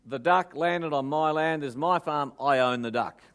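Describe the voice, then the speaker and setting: Cocky old bush farmer, Australian drawl, a bit high, put on by a man telling a joke. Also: normal speed, fairly bright tone. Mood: folksy.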